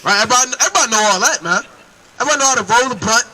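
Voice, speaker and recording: A man's voice: very high-pitched, lively intonation, rapid-fire, sharp tone, poor audio. A man preaching on the street, emphatic and calling to his listeners as brother and man.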